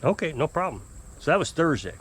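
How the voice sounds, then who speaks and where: A man telling a long, exasperated story to camera in a rambling, casual way. He mimics his customers in high, put-on voices. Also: very animated, fast talker, slightly rough. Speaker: off-grid homesteader fixing small engines.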